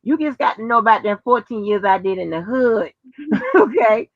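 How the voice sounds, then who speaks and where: A woman's voice: fairly high pitch, big pitch swings, normal speed, dry recording. Brash slangy woman on a lo-fi stream. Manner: brash, slangy, swears freely. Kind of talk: casual chat.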